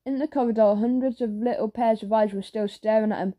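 A woman narrating a children's audiobook in a lively storytelling manner. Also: on the high side, brisk, lo-fi sound. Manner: lively storytelling with character voices.

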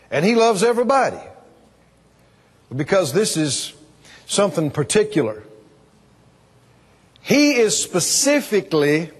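Male revival preacher, high and lively voice, long hall reverb. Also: breathy edge. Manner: emphatic, call-and-response with the congregation. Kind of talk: revival sermon. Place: church or meeting hall.

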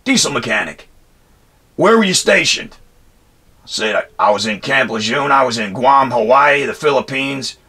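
A Marine veteran ranting angrily through a personal story, cursing often and circling back with "anyway". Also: male voice, medium pitch, moderate pace, few pauses, sharp tone, husky. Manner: profane, angry, rambling with restarts and "anyway". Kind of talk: heated personal storytelling rant.

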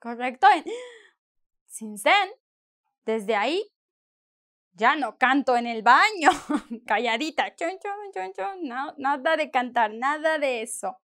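A woman teaching a bilingual lesson, deliberately, switching between English and with playful asides. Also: sits high, animated, fairly bright tone. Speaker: Spanish teacher.

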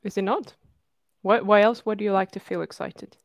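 A woman's voice: medium pitch, steady tone, normal speed, dry recording. A woman coaching a client over a video call, asking probing, encouraging questions. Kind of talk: live online coaching session.

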